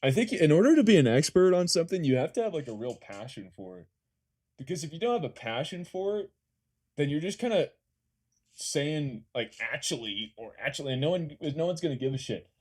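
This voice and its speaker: A man's voice: fairly high pitch, sing-song, fairly quick, warm tone. A young man from California with a Californian accent, chatting casually on a live stream, reading and answering chat questions, laid-back and swearing freely.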